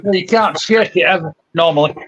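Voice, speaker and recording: A man's voice: high-pitched, fairly quick, a bit bright, dull audio, slight background noise. A man co-hosting a podcast, cutting in with blunt, sweary remarks. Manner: blunt, sweary, short interjections. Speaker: podcast co-host. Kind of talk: casual chat.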